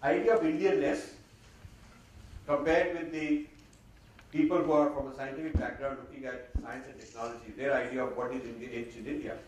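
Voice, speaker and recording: A man giving a lively, sardonic talk to an audience, slipping Hindi phrases into his English. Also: medium pitch, brisk. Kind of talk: lecture to an audience. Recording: very echoey hall, mic far off, faint noise.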